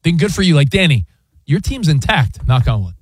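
A man co-hosting a sports radio show, talking in an excitable, teasing way in a studio. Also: fairly high pitch, fairly quick, husky, dry recording. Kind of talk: casual sports radio banter. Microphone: studio mic.

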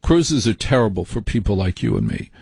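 A man's voice: on the low side, wildly swooping pitch, fairly quick, gravelly, a little mellow, slightly rough, no room sound. A man with a brash, rambling, opinionated monologue style, talking in a mock-exasperated way.

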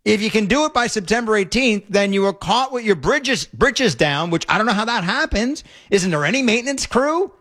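Male talk host, higher voice, exasperated, fast rants, stumbles over words. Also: animated, fairly bright tone. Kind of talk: opinionated talk radio commentary.

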